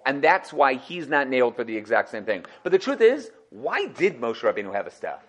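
A man giving a Torah class, animated, acting out quotes and asking the class questions. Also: medium pitch, a little fast. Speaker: Torah teacher.

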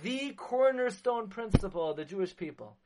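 Male rabbi, high tenor, fervent sermon delivery with swells of loud emphasis. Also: animated, normal speed, background noise. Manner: impassioned, rising to loud emphasis on key words; weaves Hebrew terms into English.

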